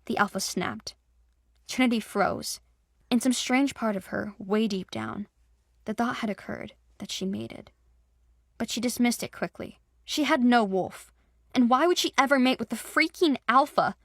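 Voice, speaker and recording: A woman's voice: mid-range voice, moderate pace, dry recording, studio quality. A woman narrating a fantasy audio drama with dramatic storytelling.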